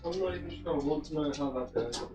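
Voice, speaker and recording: A woman chatting casually with her partner who streams a game, in a dry, low-key way. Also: fast, music in the background. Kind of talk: casual chat.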